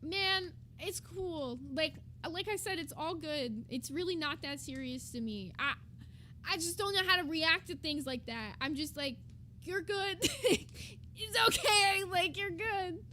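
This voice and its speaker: A woman's voice: high voice, animated, a little slow, pushed and bright, slight background noise. A woman co-hosting a livestream in loose, chatty talk, full of fillers and casual cursing. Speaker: livestream co-host.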